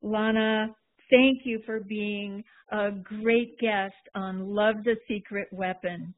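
Woman podcast host, unhurried, effusive, tinny call audio. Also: medium pitch, steady tone. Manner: effusive, calls people darling. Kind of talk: casual interview talk.

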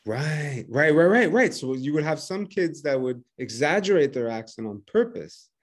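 A man's voice: on the high side, expressive, normal speed. A man hosting a casual conversation as an English teacher, chatty and bilingual, laughing often between points. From bilingual English-French speaker living in France. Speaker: podcast host, English teacher.

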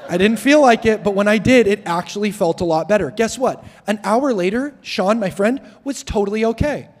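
A young man preaching as a guest speaker, telling jokes and stories in a lively, self-deprecating way. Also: high-pitched, moderate pace. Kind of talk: sermon. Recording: long hall reverb.

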